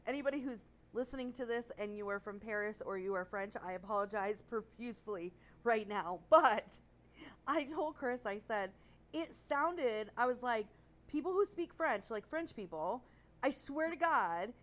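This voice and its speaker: A woman's voice: a little high, animated, moderate pace. A woman co-hosting a casual podcast chat, rambling and gushing, with casual swearing. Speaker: podcast co-host.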